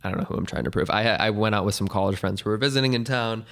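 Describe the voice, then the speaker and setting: A young man hosting a casual solo podcast, his voice hoarse and weak, rambling along in a jokey, self-deprecating way. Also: lowish voice, racing, fairly bright tone. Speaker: podcast host.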